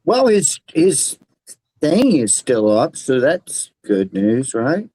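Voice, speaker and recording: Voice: medium pitch, big pitch swings, slow, warm tone, slightly rough, dry recording. Jokey livestream guest on a dry mic. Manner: jokey, hums silly tunes. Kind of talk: casual livestream chat.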